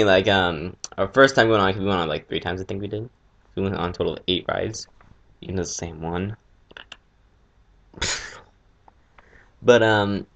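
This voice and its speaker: A teenage boy from Sacramento rambling casually to the camera, jokey and animated, squealing when he acts out what others said. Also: on the low side. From Sacramento, California. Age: teens. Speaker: vlogger.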